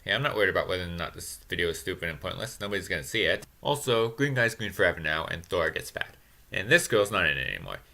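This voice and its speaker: A man giving a sarcastic, self-mocking comedy recap of a movie in a deadpan, snarky way. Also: sits low, quick pace, gravelly. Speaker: movie reviewer.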